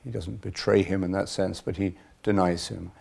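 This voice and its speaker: A man leading a spiritual retreat as a monk, speaking in a measured, thoughtful way with pauses and fillers. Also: deep voice, level tone, creaky, darkish tone, husky. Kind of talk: reflective spiritual retreat talk.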